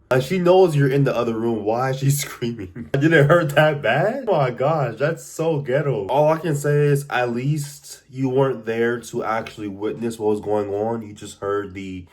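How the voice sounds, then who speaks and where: A man's voice: medium pitch, darkish tone. A young man reacting to anonymous confessions in casual commentary, incredulous and repeating his lines for emphasis.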